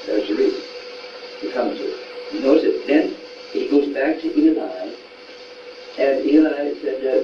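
A man's voice: medium pitch, moderate pace. A man preaching in a homespun, folksy way and retelling Bible stories in quoted voices, in a room with a small gathering. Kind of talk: folksy sermon. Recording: roomy, distant, dull sound with faint noise.

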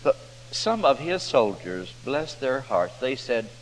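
A man's voice: medium pitch, big pitch swings, slow pace. A man preaching a folksy sermon, telling a Bible story and putting on the voices of its characters in a drawling, homespun way. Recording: hall reverb with faint hum.

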